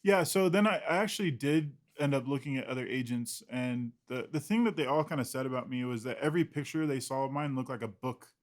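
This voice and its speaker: A man's voice: medium pitch, a little fast, few pauses. A man, an illustrator guest in an interview, talking casually in a rambling, self-deprecating way with frequent laughs.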